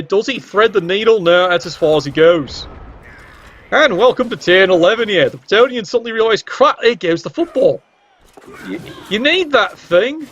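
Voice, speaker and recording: Cheeky and wry, a high-voiced man with a slightly bright tone calls a video game match, swearing casually and tossing in asides. The audio is lo-fi and dull.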